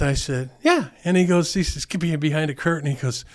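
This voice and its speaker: An older man sits in as a podcast guest and tells stories of his war service. He speaks in a fairly high, animated voice. He acts out the lines of other people with a chuckle. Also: a little fast, few pauses. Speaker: guest, Vietnam veteran. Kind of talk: casual storytelling.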